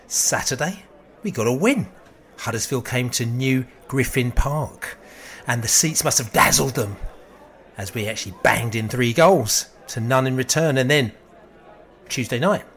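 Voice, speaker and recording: A man from England hosting a casual fan podcast over a remote call, chatty and quick to laugh at his own stories. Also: mid-range voice, a bit bright. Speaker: podcast host. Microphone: remote call mic.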